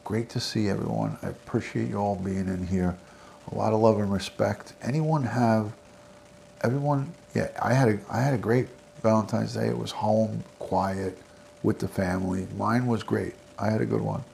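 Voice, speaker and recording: A middle-aged man with a New York accent talks loosely to his livestream viewers, his low voice rough with gravel. He rambles from one thank-you and shout-out to the next in an easygoing way. A faint hiss sits under the recording. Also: fairly even intonation, moderate pace. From American South. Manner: rambling, friendly shout-outs to chat viewers. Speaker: livestream host. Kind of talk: casual livestream sign-off chat.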